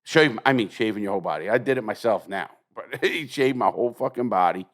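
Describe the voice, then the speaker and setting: An older American man with a lowish voice hosts a casual podcast chat. He tells stories bluntly and profanely, acting out the voices of the people he quotes. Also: expressive, quick pace. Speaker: podcast host.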